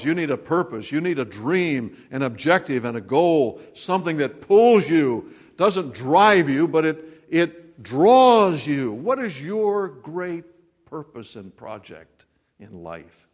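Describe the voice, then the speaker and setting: A man's voice: medium pitch, a little mellow. A man preaching a sermon, earnest and direct, who acts out the voices of people in the scripture and puts pointed questions to his listeners. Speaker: pastor.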